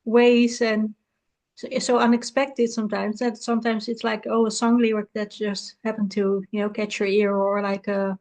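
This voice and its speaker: A woman hosting a casual interview, chatty and giggly, with quick affirmations. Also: mid-range voice, flat delivery, darkish tone. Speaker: host.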